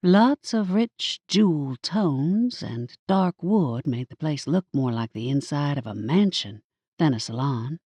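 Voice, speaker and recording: A woman narrating a first-person audiobook in a measured, expressive way, with playful wry asides. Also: sits low, husky, dry recording.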